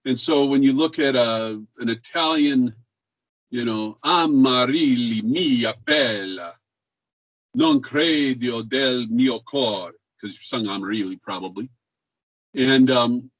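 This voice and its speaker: A man teaching music history in a relaxed lecture style, with frequent ums and uhs and his own voice used to show speech rhythms. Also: medium pitch, no room sound, low-quality recording. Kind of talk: recorded classroom lecture.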